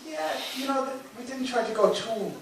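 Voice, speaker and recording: A male film director answers questions from the floor, rambling along with plenty of ums and soft chuckles. He is picked up from well off the mic in a very echoey hall. A steady hiss runs underneath. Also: very high-pitched, normal speed, vocal fry, recorded from a distance. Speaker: film director, festival guest. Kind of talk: audience Q&A answers. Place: cinema hall.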